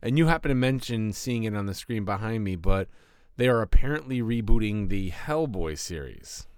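A man co-hosting a casual podcast, jokey and profane, telling animated stories about movies. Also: on the low side, normal speed, clear, resonant tone, no echo, clean studio sound. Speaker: podcast co-host. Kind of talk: casual chat.

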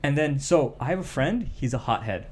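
A man's voice: normal speed, slightly rough. A young man from Canada, co-hosting a podcast, tells a story in casual chat and acts out the quotes. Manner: animated, acts out quotes with raised pitch. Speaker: podcast co-host.

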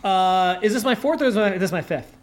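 A man guest on a podcast, talking in a casual, animated way, full of quick asides and "like" fillers. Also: sits high. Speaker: guest, culture writer.

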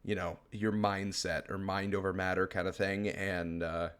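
A man's voice: deep voice, level tone, moderate pace, a bit bright, clean tone. A young adult man co-hosting a podcast, telling rambling stories in casual chat and laughing often. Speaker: podcast co-host.

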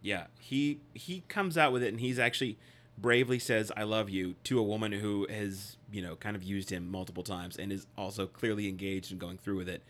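A man with a fairly low voice, co-hosting a podcast. He recaps a movie in casual chat, dry and sarcastic in his asides. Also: fairly even intonation, brisk, fairly bright tone. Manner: wry, sarcastic. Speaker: podcast co-host.

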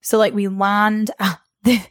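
A young woman tells stories as a guest in a loose, chatty way. She laughs often and her pitch jumps up when she acts out quotes. Her voice sounds dry and close. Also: level tone, a little slow, no room sound. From Scotland. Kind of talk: casual storytelling interview.

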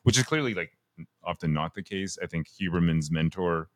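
A man's voice: sits low, moderate pace, no echo. A man co-hosting a podcast, curious and musing aloud, often chiming in. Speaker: podcast co-host. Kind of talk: casual podcast discussion.

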